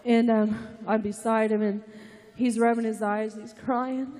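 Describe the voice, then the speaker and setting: A woman's voice: on the high side, steady tone, a little slow, dark tone. A mother giving an emotional testimony in church, tearful and breathless, laughing through tears. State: crying. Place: large church hall. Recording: long reverb of a big hall.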